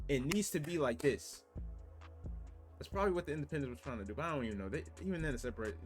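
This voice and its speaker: A man's voice: a little high, expressive, quick pace, soft background music. Earnest young American man vlogging. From United States. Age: young adult. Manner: earnest, with rhetorical questions and "you know what I'm saying" asides. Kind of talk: casual opinion monologue.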